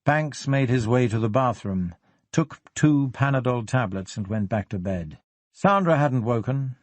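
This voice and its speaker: A man narrating an audiobook in a steady, even-paced reading. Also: medium pitch, no echo.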